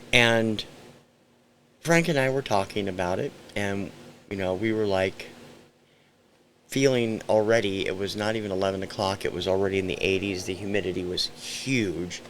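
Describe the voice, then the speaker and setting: A man's voice: low-pitched, fairly bright tone, slight background noise. A man in his sixties from central Ohio, telling a first-person story in an unscripted, rambling way with frequent ums and self-corrections. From central Ohio, USA. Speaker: storyteller recounting a memory.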